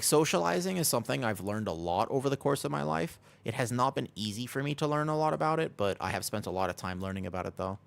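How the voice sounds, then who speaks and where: A man with a mid-range, fry-tinged voice chats casually with his viewers while livestreaming an online game. He rambles, fills his speech with "like," and talks to chat between quick game callouts.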